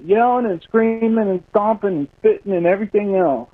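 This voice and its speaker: Male caller, lively anecdote over a phone-line sound. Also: high-pitched, fairly quick, few pauses, slightly rough. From Florida, US. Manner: animated storyteller, acts out his shouts. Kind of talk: telling a story on a call-in line.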